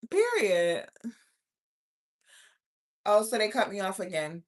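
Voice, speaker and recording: A woman's voice: mid-range voice, big pitch swings, slow. A woman hosting a live stream in casual chat, talking bluntly and profanely to her viewers. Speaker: livestream host.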